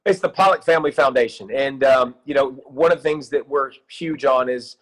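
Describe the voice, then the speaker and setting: A man in his thirties, a youth football coach, talking in an excited, rambling way with many restarts in a casual interview. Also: mid-range voice, brisk, poor audio.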